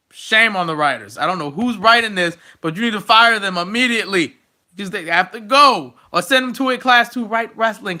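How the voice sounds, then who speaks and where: High bright-voiced sarcastic male reviewer. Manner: sarcastic, exasperated ranting. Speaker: wrestling show reviewer. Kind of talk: casual opinionated recap.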